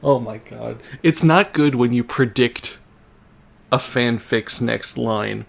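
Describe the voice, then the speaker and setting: For a charity stream, a young man reads a fan story aloud for comedy, often cracking up and adding wry asides. His voice is medium-pitched, slow, and gravelly.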